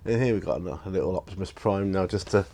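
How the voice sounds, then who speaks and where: Enthusiastic man in his fifties, low voice. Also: fairly quick, gravelly, warm tone, a little hiss or hum. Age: 50s. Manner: enthusiastic and rambling, with many fillers. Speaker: hobby vlogger. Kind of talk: casual unboxing vlog.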